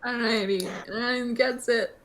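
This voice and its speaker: A woman's voice: on the high side, slow pace, a crowd in the background. A woman with a Southern US accent co-hosting a casual podcast over a video call, giggly and full of fillers. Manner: giggly, animated, lots of fillers. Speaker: podcast co-host. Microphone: video call mic.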